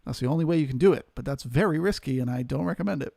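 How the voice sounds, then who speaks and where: A man's voice: fairly high pitch, rapid-fire, gravelly, mellow, no echo, studio quality. A man hosting a live trading stream, steadily talking through market levels and greeting viewers in chat.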